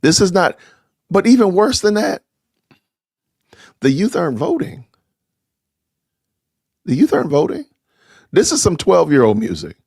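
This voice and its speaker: Middle-aged male host, indignant live-stream commentary, trips over his own words, very animated pitch. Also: a little slow, creaky, pauses often, dry recording, clean studio sound. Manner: indignant, stammering, repeating himself. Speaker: podcast host.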